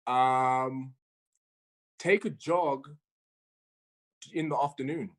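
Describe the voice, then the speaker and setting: A woman's voice: a bass voice, drawn-out words. A woman hosting an online quiz over a video call, chatty and stumbling over her words as she reads each question twice. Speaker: quizmaster.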